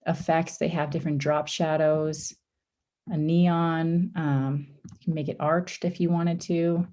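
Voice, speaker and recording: A woman runs a live design tutorial over a video call, talking step by step in an easygoing way. Her voice sits low and mellow, a little worn because she is losing it. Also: flat delivery, slow pace. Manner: casual, step-by-step, with frequent ums and oopses. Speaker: workshop instructor.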